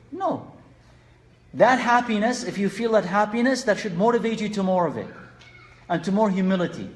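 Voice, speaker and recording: A man's voice: sits high, lively intonation, brisk. A man giving an earnest religious lesson, asking rhetorical questions and mixing Arabic phrases into his English. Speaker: Islamic teacher.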